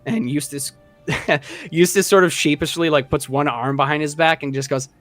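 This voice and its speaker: A man's voice: a little high, steady tone, normal speed, a bit bright, no echo, faint music behind. A man narrating a tabletop game as game master, casual and rambling with many fillers.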